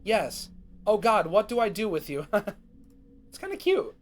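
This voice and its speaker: A man's voice: high voice, wildly swooping pitch. A man hosting his channel, chatting and reacting between reading comic panels. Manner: chatty, reacts with quick laughs. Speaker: channel host.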